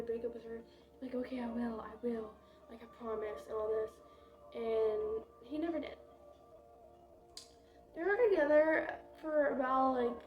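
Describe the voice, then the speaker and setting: A woman's voice: on the high side, dull audio. A young woman vlogger telling a casual storytime, chatty and dramatic, with lots of fillers and swearing.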